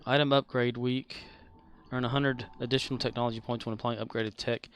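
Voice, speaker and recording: A man's voice: medium pitch, level tone, brisk, a bit bright, slight background noise. A man streaming a game, chatting casually and sleepily with his viewers in a laid-back drawl. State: sleepy, keeps yawning. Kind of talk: casual chat while playing.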